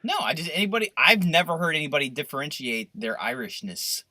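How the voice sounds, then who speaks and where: A man co-hosting a podcast, riffing through profane, animated rants in casual banter. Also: a little high, fast, no room sound. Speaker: podcast co-host.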